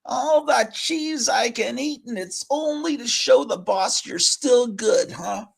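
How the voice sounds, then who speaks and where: Guy doing a squeaky little cartoon mouse, high and jumpy, comic-book voice. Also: slow, creaky, husky, exaggerated voice. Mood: incredulous. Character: small gullible male mouse.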